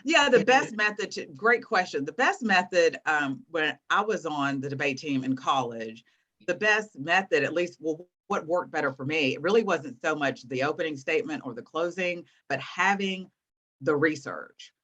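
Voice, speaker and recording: A woman in her thirties, a guest teacher, explaining things to students in an encouraging, animated way over a video call. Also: sits low, moderate pace. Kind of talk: online class teaching.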